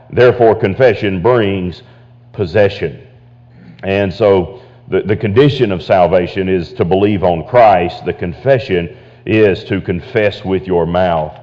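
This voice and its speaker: A man preaching a sermon, often repeating words and restarting, rising emphatically on key points. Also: lowish voice. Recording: dull lo-fi audio with long hall reverb.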